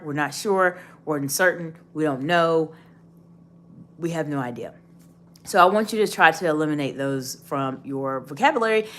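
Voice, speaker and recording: A woman giving a live leadership-coaching talk, emphatic and animated, often acting out example phrasings. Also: on the low side.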